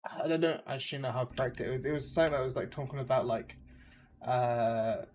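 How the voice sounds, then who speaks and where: A man's voice: mid-range voice, fairly quick. A young man with an English accent, chatting loosely with viewers while streaming a game, full of hesitations and fillers. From England. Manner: rambling, hesitant, full of likes and uhs. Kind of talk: casual gameplay chat with viewers.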